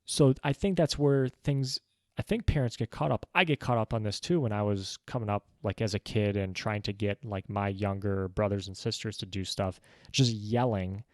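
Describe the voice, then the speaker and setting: A man's voice: fairly low pitch, fairly even intonation, moderate pace, no room sound, clean studio sound. A young man talking through a book in a casual, rambling way, often saying "like" as he goes. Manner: easygoing, rambling, many "like" fillers. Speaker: book reviewer. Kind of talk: casual book summary monologue.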